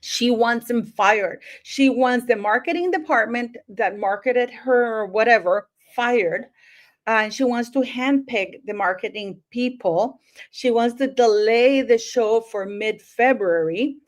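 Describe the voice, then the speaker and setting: Woman chatting on her livestream, kinda high voice, slow and unhurried, lots of ums. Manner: chatty, greets viewers by place, many fillers. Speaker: livestream host. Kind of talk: casual livestream chat.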